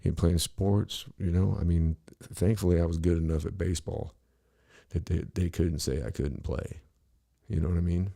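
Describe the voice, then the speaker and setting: Gravelly deep-voiced man, blunt and rambling. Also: fairly even intonation, normal speed, warm tone. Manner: rambling, blunt and profane, full of "you know". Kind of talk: casual podcast conversation.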